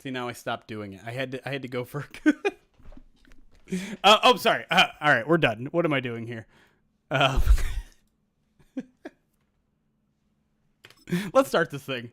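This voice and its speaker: A man with a mid-range voice, lively intonation and a pushed, bright delivery streams a football video game simulation. He chats casually with viewers and calls the plays, chatty, quick to laugh and often laughing at himself. It's casual live-stream chat mixed with play-by-play.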